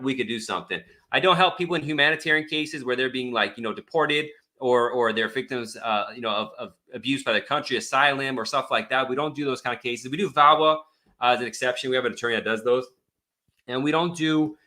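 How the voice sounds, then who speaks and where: A man's voice: mid-range voice, fast, sharp tone. A man who is an immigration attorney answers viewer questions on a live stream in a blunt, exasperated, rambling way.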